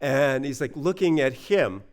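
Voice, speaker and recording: A man from the United States telling a personal story in a casual, animated way, acting out the voices he quotes. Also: mid-range voice, measured pace. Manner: animated, acts out quoted voices, many fillers.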